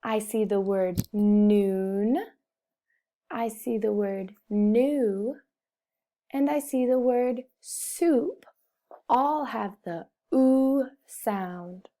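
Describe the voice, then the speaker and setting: A first-grade teacher leads young children through a phonics lesson, carefully sounding out each word, over-enunciating, and repeating it. Her voice is fairly high and warm, and she speaks extremely slowly.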